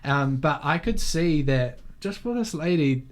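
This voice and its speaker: A man hosts a relaxed podcast chat. His voice sits a little high, and he tells stories animatedly, full of likes, ums and restarts. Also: unhurried. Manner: animated storyteller, many fillers and restarts. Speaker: podcast host. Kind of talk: casual interview chat.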